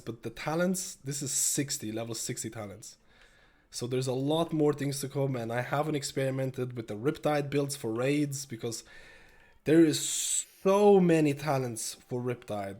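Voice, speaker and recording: A young man with a slightly stuffy nose, giving casual gameplay commentary that jumps from steady explaining to excited bursts. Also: medium pitch. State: slightly stuffy, a little sick. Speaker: gameplay streamer.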